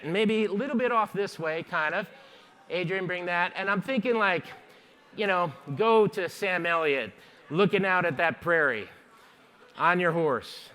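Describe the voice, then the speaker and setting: A man, running a live photography workshop. He talks quickly and casually, cracking jokes and firing questions at the audience as he demonstrates. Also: sits high, pushed and bright. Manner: chatty, jokey, fast-talking teacher quizzing the audience. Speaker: photography instructor. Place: conference stage before a live audience.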